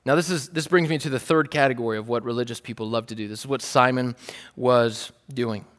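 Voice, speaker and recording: A man's voice: medium pitch, steady tone, fairly quick, fairly bright tone. A male pastor preaching a sermon in a conversational, playful style, acting out the scenes he tells. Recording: long reverb of a large hall.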